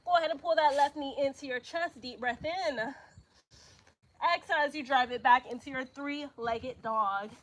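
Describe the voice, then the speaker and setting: A young woman yoga instructor, slightly out of breath, giving calm breathing cues with casual slang asides. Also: high-pitched, moderate pace. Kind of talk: live yoga class instruction.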